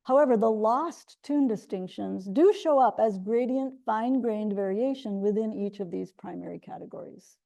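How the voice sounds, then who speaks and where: Gravelly-voiced woman giving an academic lecture. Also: medium pitch, warm tone. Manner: measured, explanatory, with frequent self-corrections and restarts. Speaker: linguistics researcher giving a colloquium talk. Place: lecture room.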